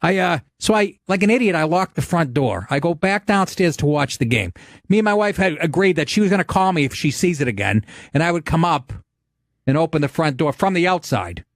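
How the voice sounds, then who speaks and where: A man hosting a podcast, telling a comic story in a profane, animated way and laughing as he goes. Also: on the high side, brisk, no echo, clean studio sound. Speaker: podcast host.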